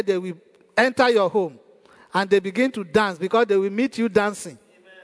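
A man's voice: very high-pitched, fairly quick, a bit bright. A male pastor preaching a sermon in a church hall, emphatic and repeating his key phrases. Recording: long church hall reverb.

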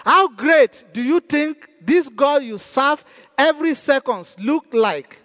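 High-voiced pastor preaching in a hall. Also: male voice, animated, slow, a bit bright. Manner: preaching with rhetorical questions and refrains of praise. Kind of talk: sermon.

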